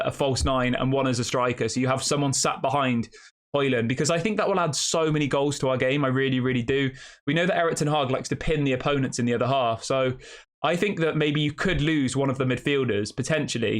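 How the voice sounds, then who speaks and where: Guy hosting a fan channel, mid pitch, chatty, keeps going "uh sorry" and fixing himself, lots of "right?" and "you know?". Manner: thinks aloud, corrects himself often, asks rhetorical questions. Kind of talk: casual opinion commentary.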